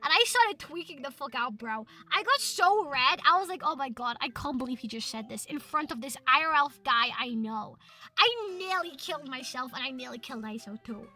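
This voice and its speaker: A young British woman streams as a VTuber, chatting casually with her chat. She's excitable, swears a lot, and breaks into loud outbursts, talking fairly quickly in a high voice.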